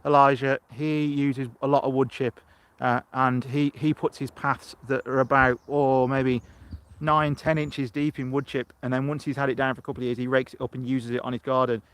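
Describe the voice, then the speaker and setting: A man's voice: medium pitch, flat delivery, moderate pace, hardly any pauses, fairly bright tone, clear, resonant tone. A middle-aged man from England chatting rambly on a live stream from his allotment, talking into a phone camera outdoors and answering viewers as he goes. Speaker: allotment vlogger. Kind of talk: live-streamed casual chat.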